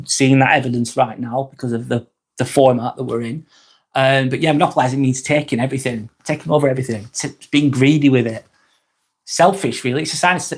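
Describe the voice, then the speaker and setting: This live vlog host is a man with a husky, mid-range voice. Casual and frank, he curses often and rambles with restarts, reading chat comments aloud and responding to them.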